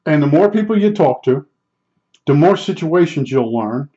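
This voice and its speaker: An older man with a fairly high, dark-toned voice tells long, rambling life stories at a normal pace, animated and chatty, full of fillers and restarts. It's casual storytelling, captured on a dull lo-fi recording.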